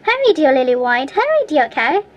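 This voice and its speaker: A woman's voice: sits high, big pitch swings, normal speed, highs cut off. A woman voicing a brave, polite little boy in a storybook reading. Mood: eager. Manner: polite and bold.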